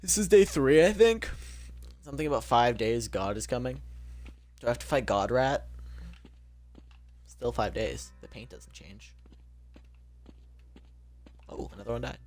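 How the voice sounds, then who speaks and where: A man's voice: mid-range voice, animated, a little slow, pauses often, darkish tone. A young man casually commenting on his own gameplay, joking and exclaiming as he goes. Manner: jokey, exclaiming, talking to himself. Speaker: streamer.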